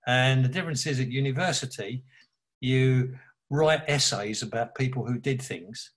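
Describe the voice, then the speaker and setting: A man with an East London Cockney accent, telling blunt, animated stories as an author guest in a casual interview. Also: mid-range voice, moderate pace, slightly rough. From England. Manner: blunt, animated storyteller who swears.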